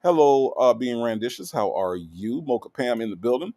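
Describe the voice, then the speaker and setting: A man hosting a casual livestream, reading out viewer comments and greeting them one by one in a teasing, animated way. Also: medium pitch, normal speed. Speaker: livestream host.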